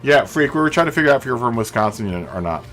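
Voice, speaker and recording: A man chatting with his live-stream viewers in a loose, rambling way, his pitch swinging widely. He laughs at his own jokes and talks through a studio mic, with faint music playing behind him. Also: expressive, quick pace, a bit bright. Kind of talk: casual chat with live chat viewers. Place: home streaming setup. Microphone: studio mic through a mixer.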